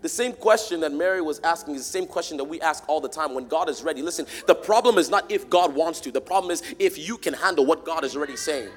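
A man preaching a sermon to a church congregation, swinging from quiet, close talk to loud, shouted call-and-response. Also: a little high, fast talker, hardly any pauses, husky. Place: large church hall. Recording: long hall reverb.

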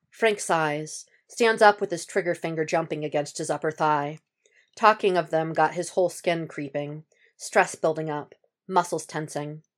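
A woman reading fan fiction aloud as a podfic narrator, with steady, measured narration. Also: sits low. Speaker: podfic reader.

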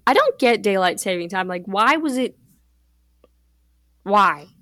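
A woman's voice: mid-range voice, measured pace, no room sound. Teen girl cohost, easygoing chat, laughs a lot, dry audio. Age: teens. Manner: relaxed, chatty, laughs often. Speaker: podcast co-host. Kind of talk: casual chat.

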